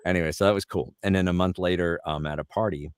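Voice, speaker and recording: A middle-aged voice actor telling lively anecdotes as an interview guest. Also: male voice, low-pitched, clear, resonant tone, no room sound, clean studio sound. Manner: lively, fast-moving anecdotes. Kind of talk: anecdotal storytelling.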